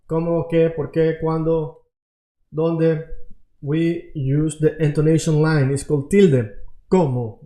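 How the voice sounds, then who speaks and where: A man teaching an online Spanish lesson, who explains slowly and keeps checking in with the viewer. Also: on the high side, dark tone, roomy sound.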